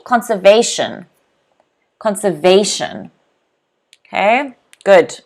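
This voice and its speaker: Lady teaching english live, slow careful pace, kinda high voice, repeats words a lot. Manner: animated, clearly drills pronunciation, laughs often. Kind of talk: live online English lesson.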